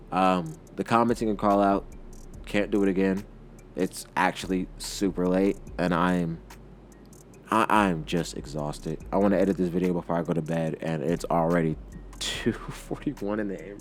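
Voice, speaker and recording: A man hosting his channel, narrating a fan story in a relaxed, plainspoken, casual way. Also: low-pitched, slight background noise.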